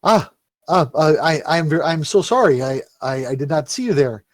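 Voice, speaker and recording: A startled, kindly old village priest who stammers his way through each line, his voice sitting fairly high, as a game master puts him on. The sound is dry and close, like a tabletop game played over a microphone. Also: expressive, normal speed, dry recording. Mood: flustered. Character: nervous kindly village priest, male, older.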